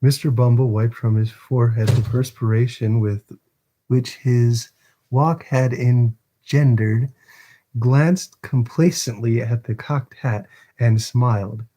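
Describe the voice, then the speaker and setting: A man's voice: mid-range voice, steady tone, slow, warm tone. A man hosting a casual live stream, chatting with viewers and reading a novel aloud. He laughs often and stumbles over words.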